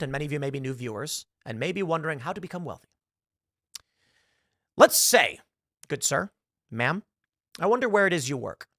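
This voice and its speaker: A man's voice: a little high, vocal fry, sharp tone, dry recording, studio quality. A male host giving a casual commentary monologue, telling stories theatrically and throwing out rhetorical questions.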